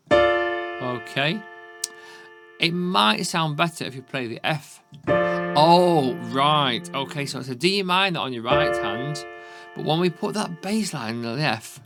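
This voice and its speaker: This piano teacher has a Yorkshire accent and a gravelly voice on the high side. Leading a beginner lesson with piano music loud beneath him, he counts beats aloud and keeps asking "okay?".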